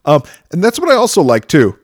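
Relaxed man rambling about movies. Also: fairly high pitch, normal speed, dry recording. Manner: rambling, enthusiastic film talk. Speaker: podcast co-host. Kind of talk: casual chat.

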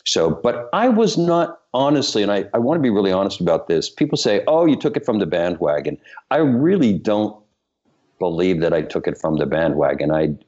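A man, a choreographer and director, telling lively stories in an interview and acting out the people in them. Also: fairly low pitch, normal speed. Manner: animated anecdote-telling, voices the people in his story. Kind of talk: storytelling interview. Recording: muffled lo-fi sound.

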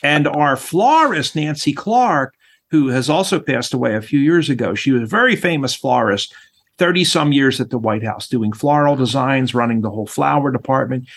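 A middle-aged man, a former chef and interview guest, telling stories in an animated way and acting out voices. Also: medium pitch, normal speed. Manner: animated storyteller, acts out voices. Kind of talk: storytelling interview chat.

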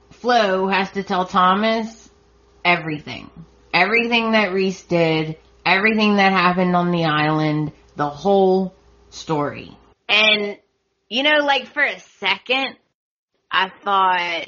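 A woman's voice: medium pitch, pushed and bright, muffled recording. A woman hosting a podcast, chatting casually with exasperated opinions. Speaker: podcast host. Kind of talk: casual recap chat.

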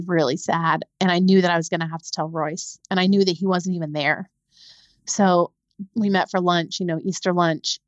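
A young adult woman, a podcast guest, telling a painful personal story in a halting way, repeating words when it gets hard. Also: on the low side, no echo, muffled recording.

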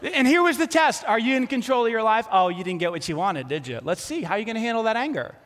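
A man preaching a sermon as pastor, telling a story with lively acted-out quotes. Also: sits high, fast, in a large hall.

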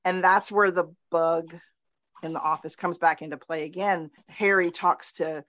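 A woman hosting a podcast, recapping television episodes in a relaxed, chatty way and laughing easily. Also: on the low side, moderate pace, no room sound. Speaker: podcast host.

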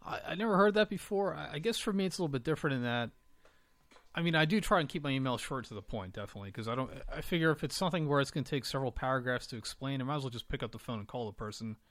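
Male co-host, fast, casual conversational delivery, dry recording. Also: medium pitch, no echo. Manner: quick, relaxed, conversational with restarts. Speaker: podcast co-host. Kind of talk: casual chat.

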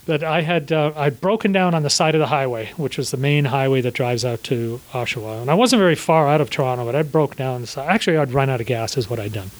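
A man in his sixties, a podcast guest, telling stories about his early business days in a relaxed, rambling way with plenty of fillers and restarts. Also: medium pitch, fast, few pauses, low-quality recording. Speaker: guest, small business owner. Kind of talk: casual storytelling interview.

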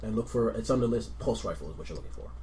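Man running a tabletop game with a lively voice. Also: on the low side, racing, a little hiss or hum. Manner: relaxed, laughs often, slips into character voices. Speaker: game master.

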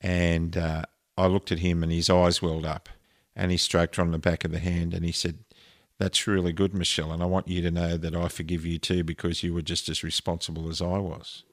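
A man's voice: deep voice, level tone, a little fast, dry recording, clean studio sound. A man earnestly telling an emotional personal story in a conversation, with frequent restarts. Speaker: interview guest.

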